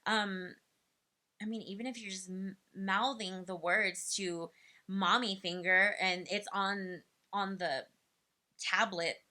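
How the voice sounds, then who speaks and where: Bright chatty woman giving parenting tips. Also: medium pitch, steady tone, slow pace. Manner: chatty, filler-heavy, acts out playful quotes to children. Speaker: speech development educator. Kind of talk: casual advice talk to parents.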